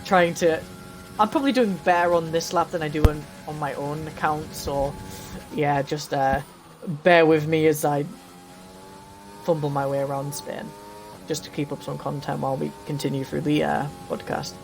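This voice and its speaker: A man's voice: on the high side, steady tone, normal speed, soft background music. A man hosting a casual podcast, joking and laughing often while he drives a practice lap, his throat a little dry. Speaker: podcast host. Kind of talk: casual banter while sim racing.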